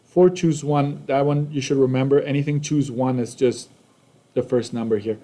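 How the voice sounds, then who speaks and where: A man's voice: mid-range voice, fairly even intonation, normal speed, mellow. A man with a Canadian accent teaching a math lesson casually, often checking in with "right?" and "okay?".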